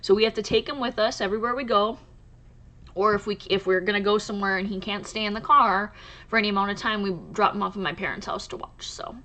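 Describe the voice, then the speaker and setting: A woman hosting a crochet channel, talking casually to camera in a soft, halting way with many pauses and restarts. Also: mid-range voice, fairly even intonation.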